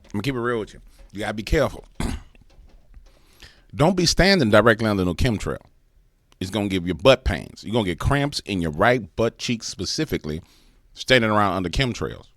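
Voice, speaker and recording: A man's voice: on the low side, big pitch swings, moderate pace, fairly bright tone, dry recording, clean studio sound. A man hosting a reaction channel, joking in slangy comedic commentary.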